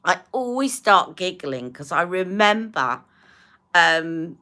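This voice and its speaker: A woman's voice: on the low side, big pitch swings, takes it slowly, pushed and bright. Chatty woman in her fifties. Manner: chatty, rambling, answers viewers' comments. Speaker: beauty live-stream host. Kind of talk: casual chat while doing makeup.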